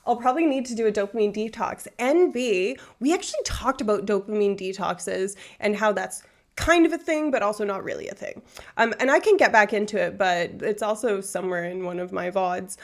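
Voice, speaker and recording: A woman livestreamer chats with her viewers in a loose, rambling way. Her voice sits in a middle pitch, and she explains things earnestly, circling back through fillers and restarts. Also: a little fast. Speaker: Twitch streamer. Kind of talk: casual livestream chat answering viewers.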